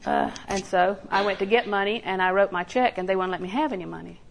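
This rough recording, with a little hiss or hum, captures an older woman preaching at a quick pace in a creaky, mid-range voice. She tells homey stories in folksy fashion, acting out quotes and laughing along.

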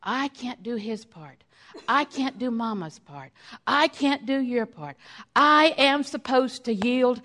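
A middle-aged woman preacher gives a conversational sermon, acting out quotes of things she says in everyday life. Her voice is a little high and fairly bright.

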